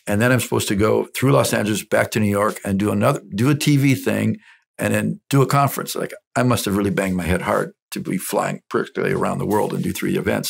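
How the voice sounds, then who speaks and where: A man minister telling a personal story, animated and acting out what others said. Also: fairly low pitch, vocal fry, slightly rough. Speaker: minister and speaker. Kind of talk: storytelling testimony.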